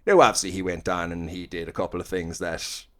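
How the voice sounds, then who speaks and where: An Irish comedian in his mid-thirties, chatting casually as a podcast guest, animated and joking with plenty of swearing. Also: sits low, quick pace. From Ireland. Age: 30s.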